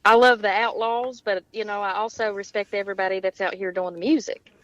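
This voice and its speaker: A woman's voice: mid-range voice, steady tone, fairly quick, a bit bright. A woman, a guest chatting candidly and laughing often. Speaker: guest musician. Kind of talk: casual chat. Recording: dull, dry, lo-fi line.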